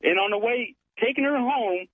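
A man's voice: extremely high pitch, moderate pace, a little hiss or hum. Boastful male caller on a tinny phone. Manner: boastful, chatty, keeps saying dude. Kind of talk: phone-in storytelling. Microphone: telephone.

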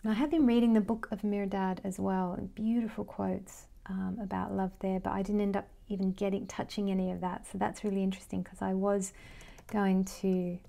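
A woman's voice: mid-range voice, flat delivery, brisk, vocal fry, mellow. A woman, a Vedic astrology life coach, giving an informal lesson and thinking aloud as she talks through her notes.

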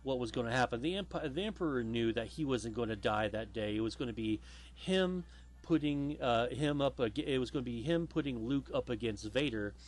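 A man's voice: medium pitch, animated, brisk. A man hosting a casual podcast chat, rambling with lots of fillers and the odd swear word. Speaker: podcast host.

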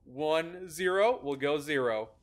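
A man with a somewhat high, expressive voice takes his time hosting a gameplay video. He explains a method for solving a maze in the game in a casual, upbeat way, laughing often.

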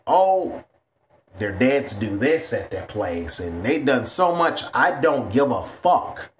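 A man's voice: on the low side, slight background noise. A man ranting to camera in a vlog, blunt and heavy on profanity. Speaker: vlogger.

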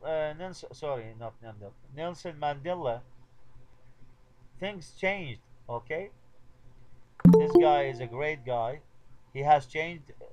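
A man's voice: a little high, a little mellow, rough recording. Man teaching translation. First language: Arabic. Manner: repeats model sentences slowly, switches between English and Arabic. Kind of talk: classroom lecture.

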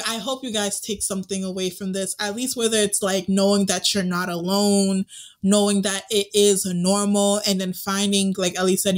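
Encouraging woman podcast co-host. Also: medium pitch. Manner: affirming, encouraging, frequent backchannel. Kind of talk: casual chat.

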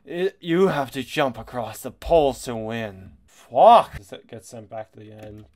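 A man chatting his way through a video game, excitable and quick to laugh. His voice sits at an ordinary middle pitch, and he swears freely as he goes. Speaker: gaming YouTuber. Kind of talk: casual gameplay commentary.

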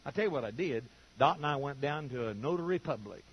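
An older man preaches a sermon in a medium-pitched, slightly rough voice, moving at a quick pace. He tells stories with animation, acting out the voices of the people in them. The recording is dull and lo-fi.

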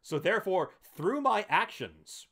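A man's voice: high-pitched, big pitch swings, a little slow, fairly bright tone. A man hosting a let's play, giving casual commentary in a playful, bragging way with some swearing.

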